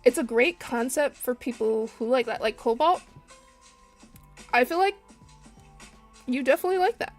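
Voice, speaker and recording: Chatty woman streamer, slightly high voice. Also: moderate pace, long pauses. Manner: chatty and animated, laughing at herself. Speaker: artist streaming while drawing. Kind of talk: casual live-stream chat. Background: faint lo-fi music.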